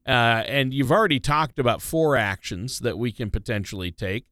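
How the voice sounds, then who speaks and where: A man co-hosts a money-focused radio show in casual, easygoing, jokey talk, using filler words. His mid-range voice has lively intonation, a moderate pace and a fairly bright tone. The sound is clean studio audio with no room echo.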